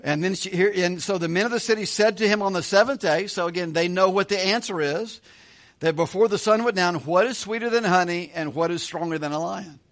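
High-voiced man teaching a Bible passage. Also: fairly quick. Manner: conversational, joking asides, chuckles often. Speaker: pastor.

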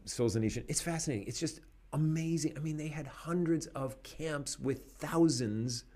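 A man in casual conversation, talking in an animated, opinionated way and laughing often. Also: on the high side, normal speed.

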